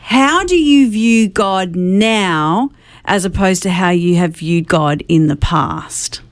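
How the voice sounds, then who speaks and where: A woman co-hosting a faith podcast, asking gentle, thoughtful questions. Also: on the low side, animated, takes it slowly, dry recording, clean studio sound. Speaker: podcast co-host. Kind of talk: interviewing.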